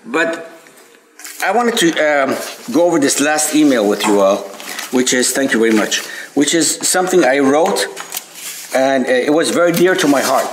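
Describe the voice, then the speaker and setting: A man sharing personal memories with a group at a spiritual center, hesitant, with many restarts, rising high and animated when amazed. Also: normal speed, noisy background. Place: meeting room at a spiritual center. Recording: echoey room recording.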